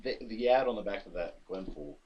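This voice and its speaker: A man's voice: fairly low pitch, expressive, brisk, recorded from a distance, dull audio. A man co-hosting a podcast, chiming in with brief comments in casual chat. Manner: brief interjections, chuckles. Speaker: podcast co-host.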